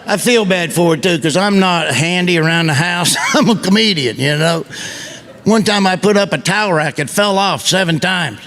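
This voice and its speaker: A man's voice: high voice, moderate pace, fairly bright tone. A man with a Southern US accent doing a stand-up comedy set, telling rowdy stories and acting out voices on stage. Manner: rowdy storytelling, acts out voices. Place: stage before a live audience. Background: audience laughter.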